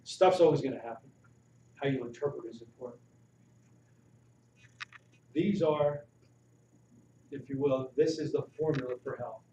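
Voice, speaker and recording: A man giving a live health talk to an audience, asking them questions with animated emphasis. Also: medium pitch, unhurried, pauses often. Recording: roomy, distant, dull audio with faint noise.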